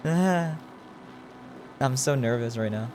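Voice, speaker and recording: A man's voice: medium pitch, animated, takes it slowly, background noise. A man streaming a video game, thinking aloud in casual commentary and chatting with his viewers. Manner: rambling, thinking aloud while playing; chats with viewers.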